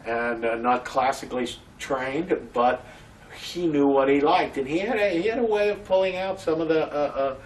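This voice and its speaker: A male community theater actor being interviewed, telling stories in a lively way with many restarts. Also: a little high, normal speed, distant mic, slight background noise, low-quality recording. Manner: animated storytelling, many restarts. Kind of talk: casual interview.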